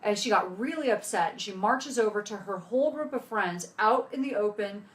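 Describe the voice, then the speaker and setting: A woman's voice: mid-range voice, expressive, moderate pace. A middle-aged woman giving a casual motivational talk, telling a family story in a chatty way full of fillers. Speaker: health speaker.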